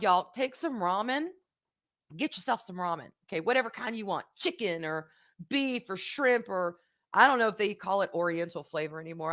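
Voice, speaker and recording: A middle-aged woman with a mid-range, slightly bright voice hosts a casual livestream, reading viewer comments. She speaks frankly and emotionally, swearing freely.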